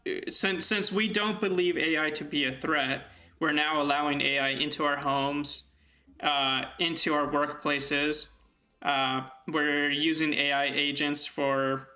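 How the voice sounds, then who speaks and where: Guy thinking out loud about big ideas, kinda high bright voice, lots of ums and restarts. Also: little pitch movement, slow pace. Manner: rambling with many fillers and restarts; reflective, thinking aloud. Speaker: video essay host. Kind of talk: casual unscripted monologue.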